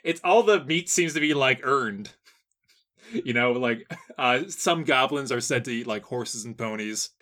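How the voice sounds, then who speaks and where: A man in relaxed conversation with a bright, somewhat tense tone. He rambles through his points, padding them with filler words and breaking into frequent chuckles. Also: mid-range voice, measured pace. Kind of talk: casual chat.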